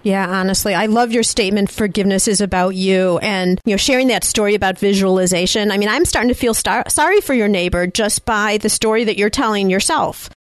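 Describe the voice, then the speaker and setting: A woman's voice: mid-range voice, a little fast, few pauses, no echo. Woman podcast host, dry close mic. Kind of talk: interview conversation.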